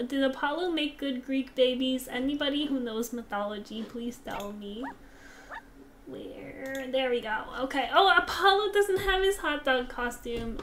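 A young woman casually commenting on a game she plays, gushing and excitable, dropping now and then into soft whispers. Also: on the high side, slight background noise. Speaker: gaming channel host.

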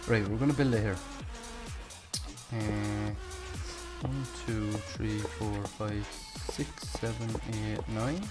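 Young male gaming host, slow-paced, cusses and mutters to himself mid-game, music bed behind. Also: fairly low pitch. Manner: excitable, swears often, talks to himself while playing. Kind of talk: live gameplay commentary.

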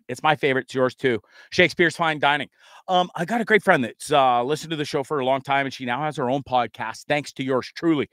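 A man's voice: medium pitch, a bit bright, smooth, no room sound, clean studio sound. A man hosting his own live talk show, rambling and chatty, swearing freely as he talks through ads and plans. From Canada. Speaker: podcast host. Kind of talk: casual live show monologue.

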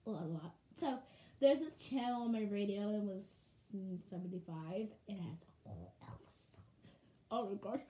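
A woman vlogging in casual chat to camera at home, bubbly and rambling, and quick to shout with excitement. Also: medium pitch. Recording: echoey room, faint hum.

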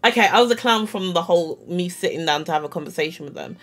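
A woman's voice: lowish voice, fast. Chatty woman telling a story. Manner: animated, self-mocking storytelling full of "like" and quoted dialogue. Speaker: vlogger. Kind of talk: casual storytime chat.

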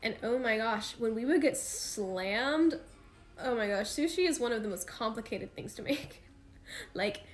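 A woman's voice: a little high, lively intonation, a little slow, soft background music. A young woman in her twenties chatting casually on a livestream with fans, rambling and slangy with lots of fillers. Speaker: idol livestream host.

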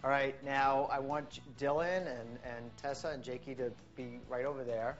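Low-voiced woman doing an upbeat kitchen cooking demo, lots of "okay?", dull lo-fi sound with music under it. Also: steady tone, moderate pace. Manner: upbeat, keeps checking in with "okay?". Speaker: nutrition coach. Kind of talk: cooking demonstration.

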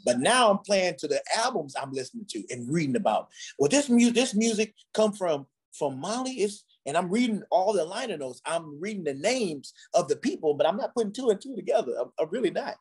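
A man's voice: sits high, big pitch swings, a little fast, hardly any pauses, husky. A man from Ghana, a drummer, telling stories from his childhood in a conversation and acting out the voices of the people in them. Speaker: guest drummer. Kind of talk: storytelling in a conversation.

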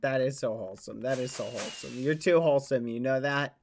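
A man's voice: medium pitch, brisk, slight background noise. A young man streaming a game, gushing over gifts with clean stand-in swears, many "aw"s and much laughing. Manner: says "aw" again and again, laughs often. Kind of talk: live game stream chat.

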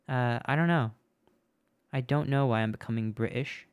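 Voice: mid-range voice, normal speed, clean tone, no echo, clean studio sound. A live streamer chatting casually with viewers at a home setup, in a playful, rambling way with lots of restarts.

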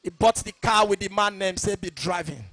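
High-pitched, forceful preacher. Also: male voice, level tone, a little fast, dry recording. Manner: shouting, sing-song preaching. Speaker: pastor. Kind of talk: sermon.

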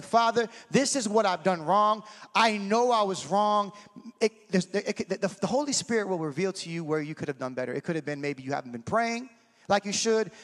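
A man preaching with a high, bright voice. He is passionate and talks straight to his congregation, throwing questions at them. The sound carries a long hall reverb. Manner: passionate, shouting in bursts, talks to the crowd. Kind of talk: sermon.

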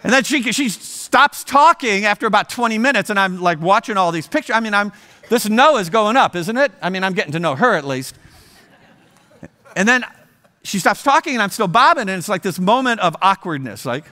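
His voice is high and fairly quick, pushed and bright, with big swings in pitch. The man, a sixty-something Ohioan, is a guest in a church auditorium telling a story in a comic sermon and adding playful remarks to the audience.

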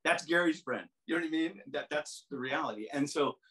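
A man's voice: a little high, a little fast, a bit bright, low-quality recording. A middle-aged man telling long, rambling stories as an interview guest, with many restarts, often mimicking other people's voices. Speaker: musician guest. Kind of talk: casual storytelling interview.

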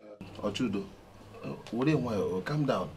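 An actor playing a hesitant village elder who haltingly questions the angry brother. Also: male voice, fairly low pitch, animated, darkish tone.

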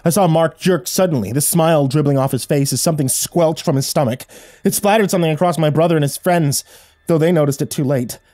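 A man narrating a horror story in first person, with measured, dramatic storytelling. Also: on the high side, darkish tone, dry recording, clean studio sound.

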